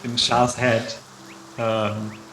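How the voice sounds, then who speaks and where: A man playing a tabletop game who tosses out playful, quick suggestions with giggles. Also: lowish voice, level tone, fairly bright tone, echoey room, a little hiss or hum, poor audio. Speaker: player. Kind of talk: casual tabletop play.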